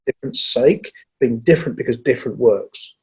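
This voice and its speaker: Male speaking coach, gravelly mid voice, energetic, shifts pace on purpose. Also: mid-range voice, low-quality recording. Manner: energetic, acts out audience lines, speeds up and slows down on purpose. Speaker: presentation skills trainer. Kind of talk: casual conversational interview.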